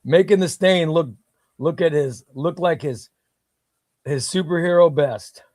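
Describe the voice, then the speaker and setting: A man's voice: a little high, a little slow, darkish tone, dry recording, studio quality. A man hosting a casual comics livestream, reading viewer comments in an enthusiastic, rambling way.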